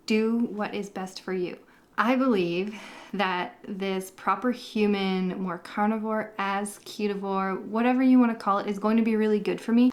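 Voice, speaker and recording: A woman's voice: mid-range voice, darkish tone. Encouraging woman vlogging to camera. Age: 30s. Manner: encouraging, rambling, talks in circles. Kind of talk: casual to-camera vlog.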